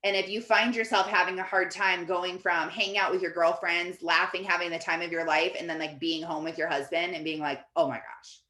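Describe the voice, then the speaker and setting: A woman's voice: fairly low pitch, little pitch movement, brisk, few pauses, bright, forceful tone. Chatty woman coach in an echoey room. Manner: chatty, fills with "like". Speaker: Christian life coach. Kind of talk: casual coaching talk to her team. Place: office.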